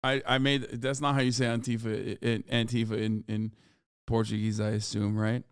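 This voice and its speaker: A man's voice: lowish voice, level tone, moderate pace, smooth, no room sound, clean studio sound. A man in his thirties doing casual live-stream commentary on news clips, sarcastic and profane, with mocking asides.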